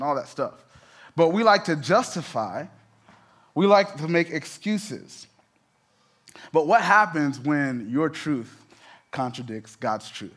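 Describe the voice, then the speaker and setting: A man's voice: fairly high pitch, very animated, moderate pace, a bit bright. A man, a pastor, preaching a sermon in a conversational way, with emphatic rising peaks and many asides.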